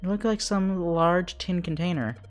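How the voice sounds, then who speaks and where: A man's voice: sits high, moderate pace, soft background music. A man streaming a game live, chatting casually and reading the on-screen text aloud with frequent laughs.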